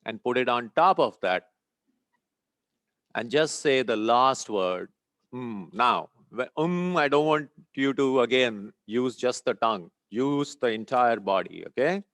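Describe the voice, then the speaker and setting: A man leading a group in a meditation and chanting lesson, speaking calmly, giving steps and checking in often with "okay?". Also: mid-range voice, unhurried, dry recording. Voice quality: sweating, a little warm. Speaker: meditation teacher. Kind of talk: guided breathing and chanting lesson.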